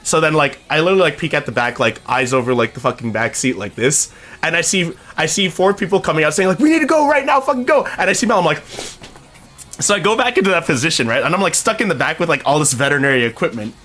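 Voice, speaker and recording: Bright-voiced young man rambling through a story. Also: fairly high pitch, fast, faint music behind. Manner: rambling, swears freely, laughs through his story. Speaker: streamer. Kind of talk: casual storytelling on a stream.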